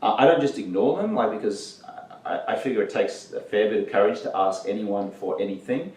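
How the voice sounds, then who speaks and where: A man's voice: lowish voice, lively intonation, brisk, a little mellow, echoey room, distant mic, low-quality recording. A man being interviewed as a guest, telling his career anecdotes in an easygoing, casual way and acting out what people said. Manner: anecdotal, easygoing, acts out quotes. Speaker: guest, entertainment journalist.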